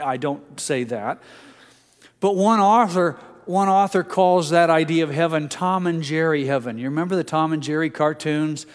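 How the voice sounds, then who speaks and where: An older man preaching a sermon, telling stories gently and dropping soft and low for quotes. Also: normal speed, big-room sound. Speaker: pastor.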